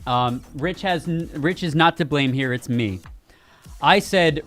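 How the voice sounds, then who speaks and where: A man co-hosting a live gaming stream, talking in an animated, jokey, rambling way. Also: fairly high pitch, a little slow, soft background music. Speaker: podcast co-host. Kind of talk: casual stream chat.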